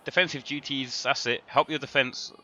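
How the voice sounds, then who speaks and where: A man commentating on his own football video game livestream, getting worked up and shouting at the players. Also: medium pitch, normal speed, highs cut off. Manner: excitable, shouts at the players on screen. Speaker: gaming streamer. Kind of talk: live gameplay commentary.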